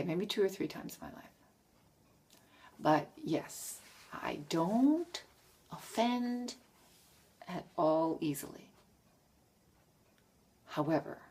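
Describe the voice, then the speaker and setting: A woman's voice: on the low side, creaky, darkish tone, husky. A woman casually answering tag questions in a frank, rambling way, often correcting herself. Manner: frank, self-correcting, trails off.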